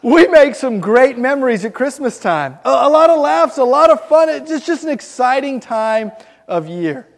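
Guy from florida, high voice, tells stories to a crowd, lots of stammery repeats, hall echo. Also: normal speed, creaky. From Miami, Florida. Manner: stammers and repeats words, animated storytelling. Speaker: speaker sharing Christmas memories. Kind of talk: storytelling talk to a group.

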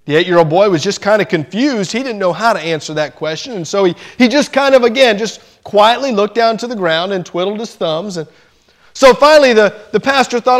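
A male preacher delivering a sermon with a voice set high for a man. He tells his story in an animated way, slowing down and leaning on key phrases for emphasis.

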